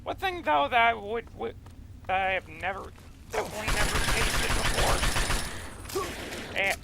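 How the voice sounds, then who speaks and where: A man's voice: sits high, very animated, moderate pace, gravelly, heavy background noise. A man giving casual commentary while playing a video game, chatty and rambling off on tangents. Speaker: let's play gamer.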